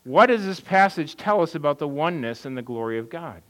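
Lively conversational male pastor preaching. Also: a little high, fairly quick, low-quality recording. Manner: conversational preaching, asks and answers his own questions. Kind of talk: sermon.

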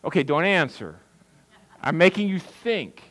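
Unhurried and on the high side, a middle-aged pastor's slightly bright voice rises and falls in big pitch swings. He preaches conversationally, answering the questions he poses, on a rough recording.

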